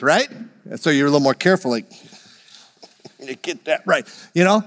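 A man's voice: a little high, animated, normal speed, fairly bright tone, in a large hall. A man preaching a sermon, leading the congregation in call-and-response and joking with them. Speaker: pastor.

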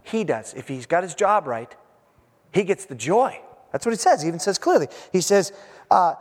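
Animated preacher man in echoing hall. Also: high voice, normal speed. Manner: animated, acts out quotes, self-interrupting asides. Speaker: pastor. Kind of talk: sermon. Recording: long reverb of a large hall.

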